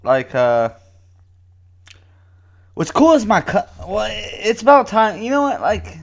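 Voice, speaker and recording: A man's voice: high voice, sing-song, slow, gravelly, dull audio. A young man co-hosting a podcast in casual chat, rambling and laughing often, with slightly slurred speech. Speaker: podcast co-host.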